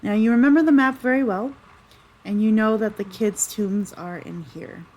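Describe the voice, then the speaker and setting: Narrating as a tabletop game master, a woman chats and rambles, filling her speech with fillers and correcting herself often. Her medium-pitched voice moves at normal speed with a slightly mellow quality, captured on a rough recording.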